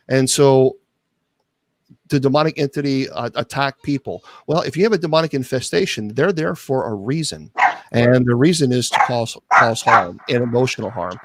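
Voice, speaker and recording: A man's voice: mid-range voice, normal speed, no room sound. A man from Kentucky with a light Southern accent, a bishop and exorcist guest talking earnestly in a casual podcast interview, often repeating his opening words. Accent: American Southern. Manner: earnest, repeats words when starting sentences.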